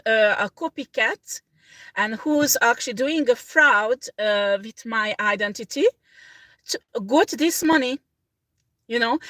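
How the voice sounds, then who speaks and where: Woman tarot reader, higher voice, dry close sound; loose, rambling livestream chat, halting non-native phrasing, laughs a lot. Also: a bit bright, no room sound.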